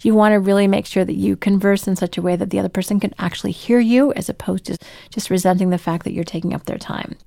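Woman, workplace advice talk, animated, acts out quotes, gravelly edge, dry close sound. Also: medium pitch, quick pace, dry recording. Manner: animated, acts out quoted voices, laughs often. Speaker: business speaker giving workplace advice.

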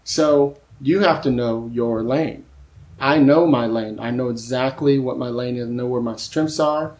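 A man who works as a screenwriter, talking casually as a podcast guest and telling animated stories about his work. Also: medium pitch, measured pace. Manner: lively storyteller who acts out quoted voices; keeps asking "you know what I mean?".

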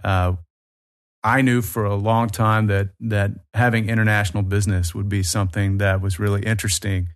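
A man in his forties with a Southern US accent, a guest chatting in an easygoing, friendly way with frequent pauses. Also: lowish voice, flat delivery. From Alabama, US South. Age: 40s. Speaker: guest expert on tourism. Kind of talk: casual conversation.

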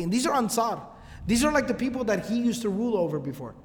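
Fast, high-voiced male lecturer. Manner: animated storytelling with casual slang asides. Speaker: religious teacher. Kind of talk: casual religious lecture. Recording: long hall reverb.

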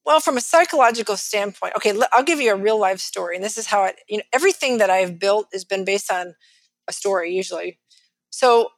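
A middle-aged financial advisor with a Texan accent, telling stories lively in an interview and acting out the people she quotes. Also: medium pitch, no room sound. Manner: animated, acts out quotes of others. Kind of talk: storytelling in a podcast interview.

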